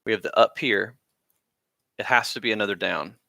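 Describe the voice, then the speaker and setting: Gravelly and on the low side, this man's voice is bright and forceful at a moderate pace, in clean studio sound with no room sound. He teaches a band class on a live stream, rambling casually and using plenty of fillers as he covers rhythms.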